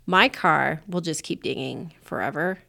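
A woman's voice: deep voice, unhurried, gravelly, sharp tone. Brief: podcast co-host woman, casual profane banter with laughs. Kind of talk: casual chat.

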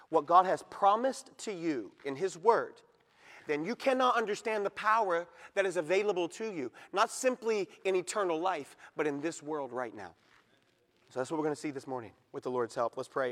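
Emphatic high-voiced male pastor preaching. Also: lively intonation, a little fast, big-room sound. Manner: emphatic, rises to loud peaks when reading scripture. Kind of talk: sermon. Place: church sanctuary.

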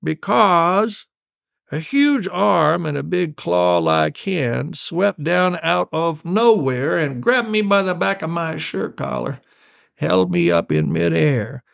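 A man voicing his old father, who tells a boyhood tale in a slow, drawn-out, teasing way. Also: fairly high pitch, expressive, creaky, dry recording, clean studio sound, exaggerated voice. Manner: slow, drawn-out, savoring delivery.

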